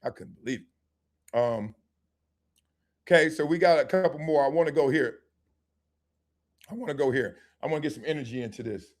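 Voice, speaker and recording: A man's voice: a little high, normal speed, pauses often. A middle-aged man hosting a live sports talk stream, joking, slangy and acting out little scenes as he talks. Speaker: host.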